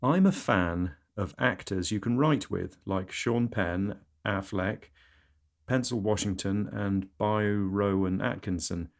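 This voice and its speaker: A comedy host speaks in a lowish, deadpan voice through absurd monologues. He breaks the flat delivery with sudden squeals. The tone stays dry and matter-of-fact. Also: slow.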